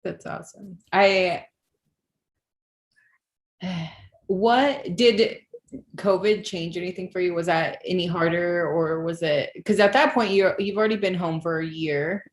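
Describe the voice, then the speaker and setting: A woman's voice: lowish voice, steady tone, unhurried, reverberant, slight background noise. A woman hosting a casual interview, giggly and encouraging toward her guest. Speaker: interviewer, show host.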